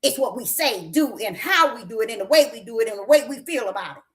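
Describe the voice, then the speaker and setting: Woman preacher, high and lively voice, folksy, emphatic, questioning the congregation. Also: fast talker. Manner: emphatic, repetitive, questioning the listeners; folksy, with breaks into laughter. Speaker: prophetess preaching. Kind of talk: sermon.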